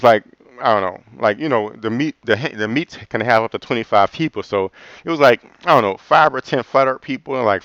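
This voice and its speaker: A man's voice: mid-range voice, a bit bright, smooth, no echo, lo-fi sound. A man hosting a livestream and answering live comments in a loose, rambling way, laughing often and saying "man" a lot. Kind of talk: casual livestream chat.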